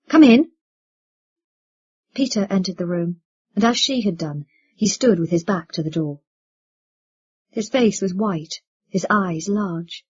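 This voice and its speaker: A woman narrating a novel as an audiobook, reading in a measured, expressive way. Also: medium pitch, slightly rough. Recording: dull lo-fi recording.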